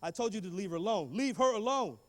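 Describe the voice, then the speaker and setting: A man's voice: fairly high pitch, fast, darkish tone, close to an everyday voice. A man doing a curt, stern teacher. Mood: scolding. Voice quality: curt, scolding. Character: stern middle-aged schoolteacher, curt.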